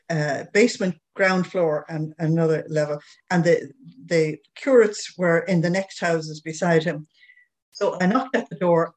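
Older Irish woman telling a story. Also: low-pitched. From Ireland. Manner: anecdotal, chuckles often. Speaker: guest.

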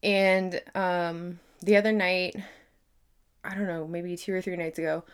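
A woman's voice: fairly low pitch, unhurried, clear, resonant tone. Rambling, earnest podcast host woman. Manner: rambling, filler-heavy, frequent "like" and swearing; earnest, grows emphatic and animated when making a point. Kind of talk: casual solo podcast monologue.

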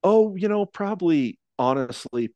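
A man's voice: sits high, expressive, normal speed, a little mellow, dry recording. A man telling a long story in casual podcast conversation, rambling with many restarts and fillers. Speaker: podcast guest, elk hunter.

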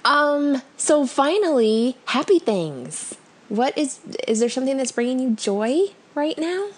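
A woman's voice: high-pitched, sing-song, measured pace. A woman co-hosting a podcast in casual chat, telling stories and laughing often. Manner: chatty storyteller, laughs often. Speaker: podcast co-host.

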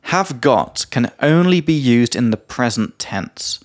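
A man co-hosting a podcast, explaining English grammar in a relaxed chatty way with lots of examples and the odd swear word. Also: mid-range voice, slow pace. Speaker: podcast co-host and English teacher. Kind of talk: casual teaching chat.

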